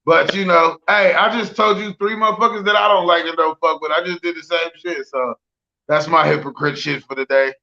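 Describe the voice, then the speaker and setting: A man's voice: on the high side, steady tone, a little fast, gravelly, pushed and bright, highs cut off. A man co-hosting a podcast in casual chat, crude and joking and given to rambling. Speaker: podcast co-host.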